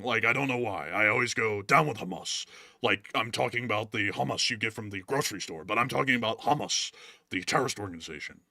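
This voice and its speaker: A man's voice: lowish voice, vocal fry, pushed and bright, no room sound, clean studio sound, voice pushed down, full character voice. A man voicing a bumbling, confused older Israeli leader who rambles in a muddled way.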